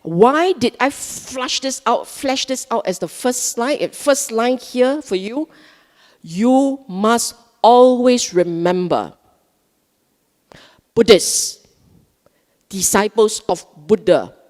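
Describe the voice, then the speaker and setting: A woman's voice: on the high side, a little mellow. A woman giving a live Buddhist Dhamma talk, emphatic and questioning, often repeating words for stress. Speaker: Buddhist dharma speaker. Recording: long hall reverb.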